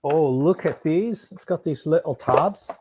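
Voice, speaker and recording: Profane, excitable man chatting on stream. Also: on the high side, measured pace, background noise. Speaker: streamer unboxing and answering chat. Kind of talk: casual live-stream chat.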